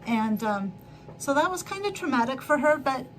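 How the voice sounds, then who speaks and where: A woman's voice: high voice, sing-song, normal speed, slight background noise, low-quality recording. A middle-aged woman hosting a sewing livestream, telling a long rambling story with frequent laughs and self-corrections. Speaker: livestream host. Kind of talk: casual chat while sewing.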